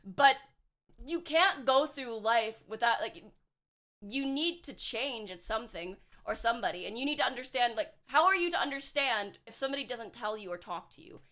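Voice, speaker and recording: A woman's voice: on the high side, animated, moderate pace, pushed and bright. A young woman streaming as a VTuber, chatting casually and bluntly with her chat, swearing and sarcastic, full of filler words.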